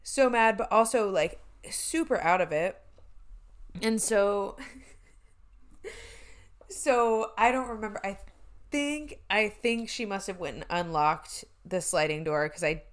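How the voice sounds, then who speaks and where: A woman's voice: medium pitch, slow pace, long pauses. A young woman in her twenties telling a story in casual chat, swearing, laughing and using lots of fillers.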